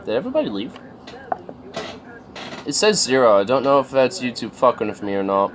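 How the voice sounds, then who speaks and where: A man's voice: medium pitch, sing-song, a little fast, slight background noise. A man chatting casually on a livestream, rambling and swearing, with lots of fillers. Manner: rambling, profane, many fillers.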